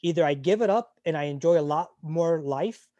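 A man in his forties speaks openly as an interview guest, in a voice a touch higher than most men's but dark and mellow in tone. He swears freely, falters and restarts often, and the sound is close and dry. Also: no echo, lo-fi sound. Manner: frank and emotional, swears freely, halting restarts. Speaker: interview guest, retired Navy corpsman. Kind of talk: candid conversational storytelling.

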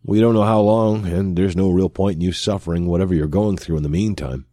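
A man playing a weary human crewman who talks in a brisk, anxious way. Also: sits low, steady tone, mellow, no echo, clean studio sound. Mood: worried.

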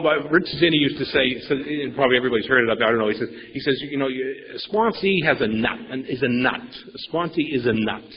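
A man's voice: fairly high pitch, in a large hall. A man giving a rambling, emphatic personal recovery share at a meeting, repeating words and swearing casually. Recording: dull lo-fi recording.

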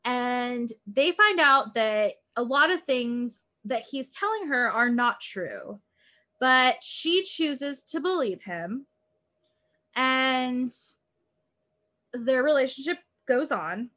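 A woman co-hosting a podcast retells a true-crime episode in a rambling, casual way, leaning heavily on "like" and acting out quotes. Her voice is high-pitched, animated, pushed and bright, and she takes it slowly.

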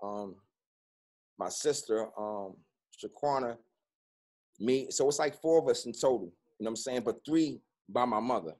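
A man's voice: medium pitch, moderate pace, a little mellow. Profane streetwise man telling his story. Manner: streetwise, profane, frequent "you know what I'm saying". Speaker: interview guest. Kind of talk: candid personal interview.

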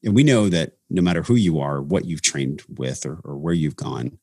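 A man's voice: a bass voice, animated, normal speed, a little mellow, breathy edge, no room sound, clean studio sound. A man talking earnestly about his path into breath work in a casual podcast conversation, with many restarts. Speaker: breathwork facilitator, podcast guest.

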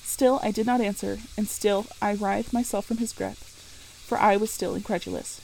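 Gravelly-voiced woman narrating a classic novel. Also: medium pitch, fairly even intonation, normal speed, dark tone, slight background noise. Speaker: audiobook narrator. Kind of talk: first-person novel narration.

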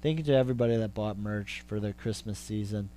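Talking fast in a low, dark voice, this young podcast host vents in a comedic monologue. He's exasperated and foul-mouthed, hammering the same points over and over.

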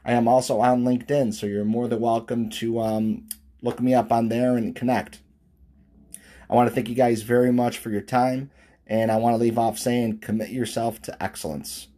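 A man's voice: mid-range voice, little pitch movement, moderate pace, mellow. A man giving a motivational talk as a leadership coach, speaking bluntly and emphatically straight to his viewers.

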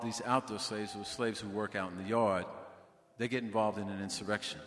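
A man's voice: medium pitch, bright, forceful tone, big-room sound. A man telling a story casually to a live audience, with many fillers and jokes, recorded on a stage mic. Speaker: author and bandleader. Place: stage in a library event hall.

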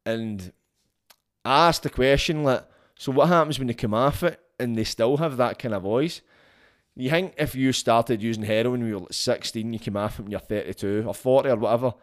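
A man's voice: medium pitch, brisk. A man hosting a solo podcast, talking casually in a blunt, frank way and swearing freely. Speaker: podcast host.

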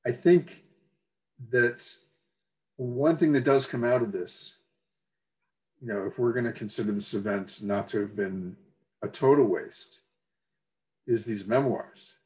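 A man giving an academic talk, measured and reflective, reading excerpts aloud with occasional fillers. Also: mid-range voice, darkish tone. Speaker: lecturer.

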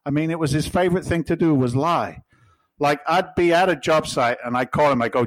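A man's voice: a little high, a little fast, no echo, rough recording. A middle-aged man with an English accent, a podcast guest telling stories in a blunt, jokey, swearing way. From England. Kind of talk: casual storytelling.

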